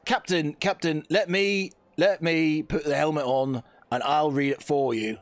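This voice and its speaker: A man's voice: a little high, steady tone, measured pace, no echo, voice pushed up, lightly acted. A man voicing a hesitant, deferential junior soldier speaking to his captain in a tabletop game. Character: nervous deferential male soldier, junior officer.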